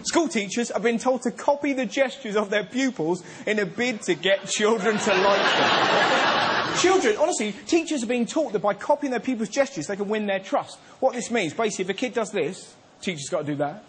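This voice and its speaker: A man hosting a comedy show, delivering an excitable, playful stand-up monologue. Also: sits high, a little fast, noisy background. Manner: excitable, playful, bursts into silly voices. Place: TV studio stage. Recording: studio audience laughter.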